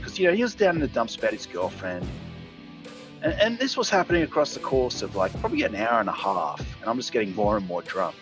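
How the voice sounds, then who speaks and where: A man's voice: medium pitch, low-quality recording. A tipsy man with an Australian accent, a guest telling a long story in a crude, heavily profane, rambling way. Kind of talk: casual storytelling.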